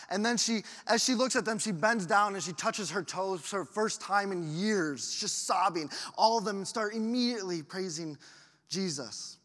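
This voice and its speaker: A man's voice: sits high, moderate pace, pushed and bright. A man pastor giving an earnest storytelling sermon, often repeating words as he goes. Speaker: family life pastor. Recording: echoey hall.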